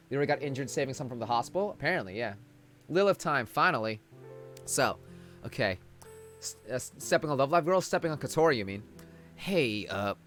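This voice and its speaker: A young man live-streaming a game, rambling and cracking jokes to his chat. His voice is bright and forceful, with soft game music faint in the background. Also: mid-range voice. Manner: joking, rambling, reads game dialogue aloud. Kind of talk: casual live-stream commentary.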